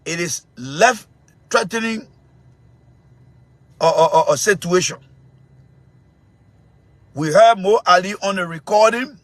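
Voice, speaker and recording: A man with a Liberian English accent hosting his own show, giving heated, confrontational political commentary full of repetition and bursts of shouting. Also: sits high, slow, pauses often, no echo. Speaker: show host.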